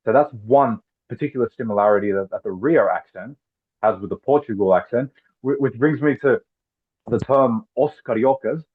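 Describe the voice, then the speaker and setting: A man's voice: medium pitch, normal speed, breathy edge. A man interviewing in casual conversation, chatty and explaining things with amused asides. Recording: phone-like narrow sound.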